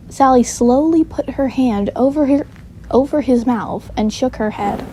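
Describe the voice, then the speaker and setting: A woman reads her homemade story casually, giggling and breaking off to comment on her own writing. Her voice sits fairly high with a soft, mellow tone, over a faint background hiss. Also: moderate pace, rough recording. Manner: offhand, giggly, self-commenting.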